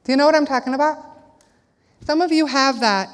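Middle-aged woman preacher, animated storyteller, higher register, reverberant church hall. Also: a little fast. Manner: animated, acts out quotes in a high child voice. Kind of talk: sermon with storytelling. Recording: long reverb of a large hall.

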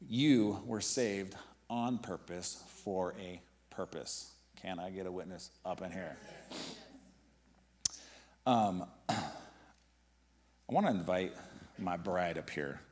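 A man's voice: sits low, slow, pauses often, darkish tone. A man preaching a sermon as pastor of a church, exhorting the congregation and building to emphatic passages. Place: church sanctuary.

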